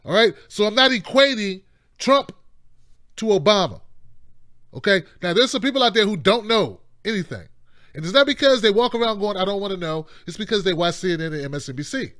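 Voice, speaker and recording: A man's voice: high-pitched, a bit bright, no room sound, clean studio sound. A man hosting a live call-in show, delivering impassioned political commentary in a rambling, emphatic way with mocking asides.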